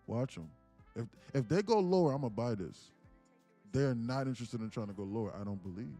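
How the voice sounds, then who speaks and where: A man with a mid-range, expressive, dark-toned voice hosts a live day-trading stream at a fairly quick clip. Hyped and preachy, he uses casual street slang and fires off one rhetorical question after another. Faint music sits in the background.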